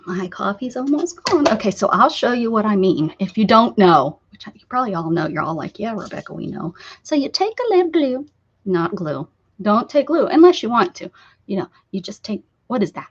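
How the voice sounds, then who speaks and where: Chatty, giggly woman who hosts an art stream, bouncy pitch, lo-fi audio. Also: sing-song, moderate pace, breathy edge. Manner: chatty, giggly, self-teasing. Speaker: art livestream host. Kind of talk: casual livestream chat while crafting. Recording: dull lo-fi sound.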